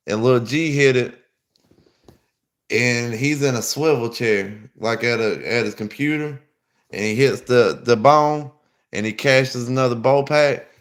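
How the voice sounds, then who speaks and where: Guy telling a wild story, casual, rambly, lots of slang and cussing, normal pitch. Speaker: podcast host.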